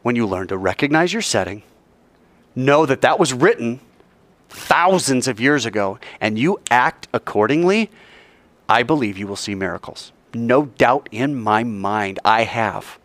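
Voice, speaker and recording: A man teaching a classroom Bible lesson, animated and quizzing his class while acting out scenes. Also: medium pitch, a little slow, no room sound. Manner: animated, acts out scenes in voices, asks the class questions.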